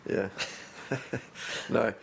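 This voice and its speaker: A man, co-hosting a loose, laughing football podcast chat and steering it with questions. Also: very slow. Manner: loose, laughing, swearing banter, asks the questions. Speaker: podcast co-host. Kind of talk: casual chat.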